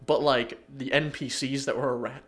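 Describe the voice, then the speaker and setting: A man's voice: medium pitch, fairly even intonation, moderate pace, fairly bright tone, soft background music. Laughing, rambling male podcast co-host. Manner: loose, laughing storyteller with acted-out quotes. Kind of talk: casual podcast chat.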